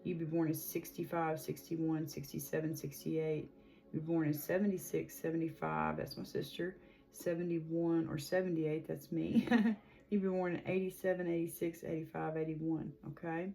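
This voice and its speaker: A woman's voice: deep voice, level tone, normal speed, creaky, dark tone. A woman in her forties giving a casual, chatty tarot reading, rambling with lots of fillers. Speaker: tarot reader.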